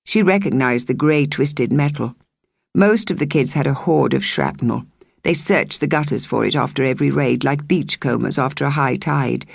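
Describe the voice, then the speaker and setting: An audiobook reader with a low, husky woman's voice narrates a scripted storybook in a measured, expressive way. The sound is clean studio audio with no echo.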